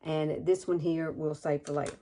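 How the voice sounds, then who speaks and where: A woman's voice: low-pitched, level tone, moderate pace, dark tone. A woman in her sixties chatting through a makeup tutorial at home, gushing and enthusiastic as she talks viewers through each step. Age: 60s. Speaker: beauty vlogger.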